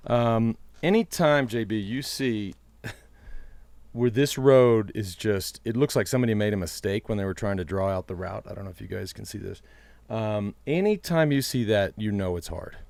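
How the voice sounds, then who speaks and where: A man's voice: on the low side, darkish tone, smooth, no echo. A man co-hosting a casual podcast, talking bluntly and emphatically, often repeating words as he restarts his sentences. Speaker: podcast co-host, race analyst.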